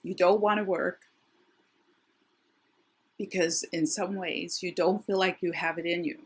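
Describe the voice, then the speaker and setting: A middle-aged woman with a worn, husky voice gives a casual tarot reading, chatty and thinking aloud with frequent restarts. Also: fairly low pitch, steady tone, measured pace. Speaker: tarot reader.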